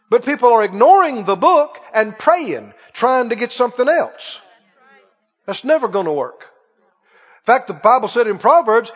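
A man preaching a sermon with emphasis, slowly drawing out quoted pleas and scripture. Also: very high-pitched, a bit bright. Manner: emphatic, drawn-out quoting of pleas. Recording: dull recording in a reverberant hall.

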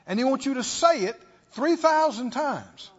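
High, lively, husky male preacher. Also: measured pace. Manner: emphatic, rhetorical questions to the congregation. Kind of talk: sermon. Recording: dull lo-fi sermon recording.

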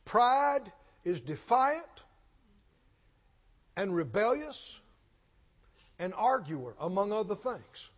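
High-voiced, slow, deliberate male preacher. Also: sing-song. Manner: slow, emphatic preaching with rising intensity. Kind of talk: sermon. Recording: dull lo-fi sound in a long-reverb hall.

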